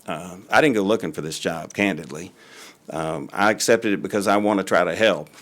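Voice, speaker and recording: An older man with a drawl talks to a city board in a fairly low voice. He is folksy and rambling and leans on plenty of "uh"s between thoughts. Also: fairly quick. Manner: folksy and rambling, with frequent fillers. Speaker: school superintendent. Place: city council meeting room.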